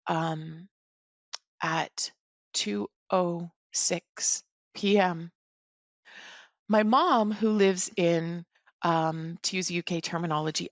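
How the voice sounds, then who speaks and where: A woman's voice: lowish voice, no echo. Earnest woman, dry close sound. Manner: earnest, halting, reflective. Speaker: podcast guest. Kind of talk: personal storytelling in an interview.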